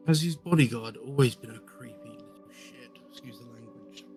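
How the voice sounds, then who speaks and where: A man playing a gravelly, blunt ex-sailor. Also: mid-range voice, moderate pace, a little mellow, soft background music, natural voice. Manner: blunt and casual, with rough language. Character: blunt, weary male former sailor adventurer. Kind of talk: tabletop role-play voice acting.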